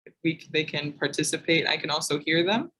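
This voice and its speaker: A woman teaching English pronunciation in a live online class, saying each word slowly and twice. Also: low-pitched, a bit bright, low-quality recording. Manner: slow, deliberate, repeats each word twice.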